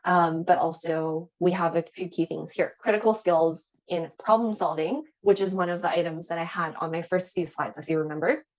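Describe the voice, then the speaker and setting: A young woman instructor walks students through admissions interview answers in a relaxed, conversational way. Her voice sits a little low, and she leans on fillers and "right?" to keep it friendly. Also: moderate pace, few pauses, rough recording. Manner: casual, frequent "right?" and "um". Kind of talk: teaching admissions interview skills.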